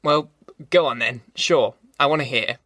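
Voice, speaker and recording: A man's voice: mid-range voice, moderate pace, pushed and bright, no room sound, studio quality. A man doing a blunt, skeptical migrant. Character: skeptical hungry male migrant listener.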